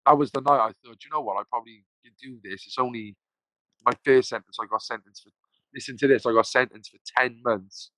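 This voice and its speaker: Man, podcast guest; bright, forceful voice, dry close sound, loose rambling storytelling with swearing. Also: mid-range voice, fairly quick, dry recording, rough recording. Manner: rambling, swears freely, acts out quoted voices. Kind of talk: casual storytelling.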